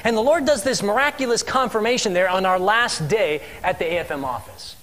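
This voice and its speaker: A man telling his missionary story as a sermon testimony in a church, animated and asking the congregation questions. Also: high-pitched, brisk. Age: adult with three children. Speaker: missionary speaker.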